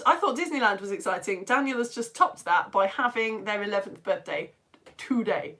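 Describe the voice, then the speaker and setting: A woman's voice: fairly high pitch, animated, normal speed, fairly bright tone. A woman with a British accent hosting a live online science lesson for home-educated children, reading viewers' chat messages aloud in a bubbly, chatty way and laughing often. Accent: British English.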